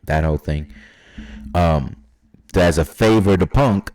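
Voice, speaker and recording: A man with a very low, deep voice thinks out loud in a loose, rambling way. He hesitates often and fills the gaps with ums and uhs. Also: slow. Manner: rambling, hesitant with many fillers. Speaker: YouTube wrestling predictor. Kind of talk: casual solo prediction talk.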